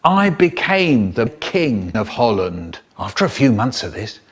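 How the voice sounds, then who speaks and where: A man telling comic stories in a theatrical, animated way, cut up and re-edited. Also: mid-range voice, a little slow, breathy edge. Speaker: children's storyteller. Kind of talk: chopped-up comic storytelling.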